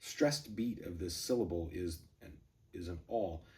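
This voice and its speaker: A lower-pitched man with a mellow, dark tone reads verse at a rushing, driving pace and then slips into loose, rambling commentary full of ums and restarts. His voice sits a little away from the microphone. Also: distant mic. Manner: brisk galloping recitation, rambling asides with fillers. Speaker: poetry reader and commentator. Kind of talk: poetry reading and casual commentary.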